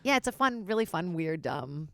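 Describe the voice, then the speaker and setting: A woman's voice: fairly low pitch, very animated, moderate pace, gravelly, sharp tone, no echo. A woman comedian chatting as a podcast guest, candid and rambling, joking frankly. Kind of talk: casual podcast chat.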